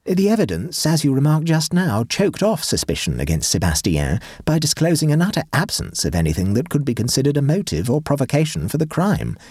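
A man voicing Egbert, an earnest, fussy young English gentleman who speaks in a raised, excitable voice. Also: fairly quick, hardly any pauses, husky, no room sound, studio quality, full character voice. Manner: earnest, excitable, pitch rising.

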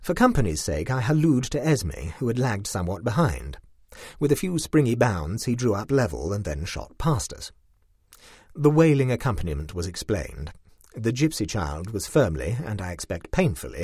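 A man reads a short story in a wry, dry tone, his husky, lowish voice swooping widely in pitch. The recording is close and dead, with no room sound. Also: big pitch swings, normal speed, darkish tone, dry recording. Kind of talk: audiobook reading of a short story.

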